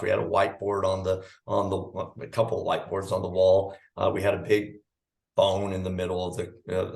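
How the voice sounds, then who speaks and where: A man's voice: low voice, vocal fry. A middle-aged man, a firm founder as podcast guest, telling stories casually with many restarts and fillers. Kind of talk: conversational storytelling.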